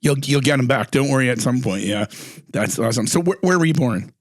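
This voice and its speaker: Middle-aged male host, chatty storyteller, mid pitch, dry sound. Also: expressive, a little fast, no room sound. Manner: chatty storyteller, acts out quotes with big pitch jumps. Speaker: podcast host. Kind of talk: casual chat.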